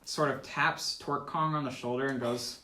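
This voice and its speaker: A man's voice: mid-range voice, steady tone, normal speed, a crowd in the background. Teen boy running a tabletop game. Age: teens. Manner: casual, laughing often, many ums and uhs. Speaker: game master. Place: school room. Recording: echoey room.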